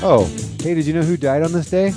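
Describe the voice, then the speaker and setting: A man in his forties co-hosting a casual show, joking around in a deadpan way. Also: a little high, fast, music in the background. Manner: jokey, deadpan, making things up. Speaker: radio show co-host. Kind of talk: casual banter.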